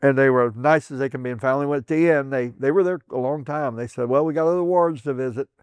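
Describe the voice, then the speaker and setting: An older veteran from southern Indiana, USA, talks quickly and smoothly, rambling with restarts and chuckles as he shares memories in an oral history interview. Quoted voices come out in a higher pitch, and there is no echo.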